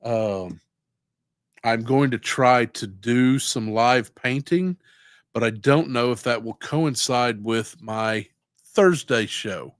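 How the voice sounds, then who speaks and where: Slow, laid-back middle-aged man. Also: mid-range voice, no echo, clean studio sound. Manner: rambling, laid-back, swears freely. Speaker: tattoo artist. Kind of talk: casual livestream chat.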